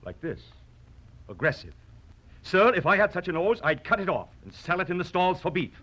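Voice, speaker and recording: A man's voice: a little high, big pitch swings, measured pace, bright, forceful tone, muffled recording, full character voice. An actor playing a proud, mocking poet swordsman with a huge nose, declaiming in theatrical old radio-drama style. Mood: witty. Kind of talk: vintage radio drama acting.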